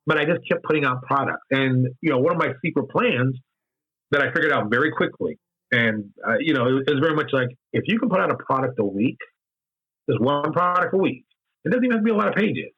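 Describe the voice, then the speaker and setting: Man, 50s, candid interview guest. Husky, repeats himself for emphasis, muffled lo-fi recording. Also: mid-range voice, lively intonation, fast. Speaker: interview guest, game designer. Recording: dull lo-fi sound.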